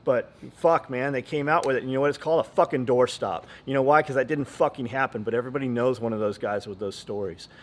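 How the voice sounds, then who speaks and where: A man's voice: medium pitch, fast talker, hardly any pauses. A man hosting a podcast in casual chat, blunt and profane, rambling from story to story. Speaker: podcast host.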